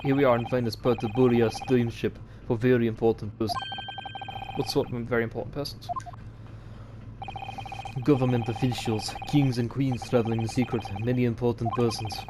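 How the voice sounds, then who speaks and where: A man putting on a gruff Russian ship guard. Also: medium pitch, fairly even intonation, moderate pace, noisy background, close to an everyday voice. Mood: stern. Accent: mock Russian. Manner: broken English, curt and hostile. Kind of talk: let's-play character voice.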